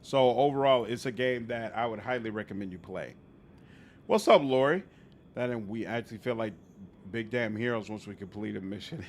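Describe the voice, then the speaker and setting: A man's voice: medium pitch, slight background noise. A man casually commenting on his game while chatting with viewers on a livestream. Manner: chatty, greets chat, reacts aloud while playing. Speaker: streamer.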